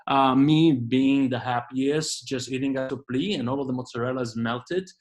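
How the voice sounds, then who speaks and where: Man, Italian accent, tour leader, enthusiastic, casual, lots of fillers, video call, mid pitch. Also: normal speed, rough recording. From Italy. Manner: enthusiastic, informal, frequent fillers. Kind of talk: virtual tour presentation. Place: home in Canada, indoors.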